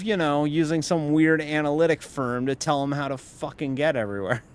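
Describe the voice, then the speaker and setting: A man's voice: a little high, steady tone, brisk, hardly any pauses, clean tone. A tired man giving casual, rambling live-stream commentary while sim racing, wry and swearing now and then. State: tired, yawning.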